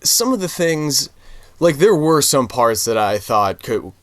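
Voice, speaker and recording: A young man co-hosting a podcast, talking fast and animatedly about movies with many "like" asides. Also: mid-range voice, dry recording. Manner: animated, quick asides with lots of "like". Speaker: podcast co-host. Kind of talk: casual movie discussion.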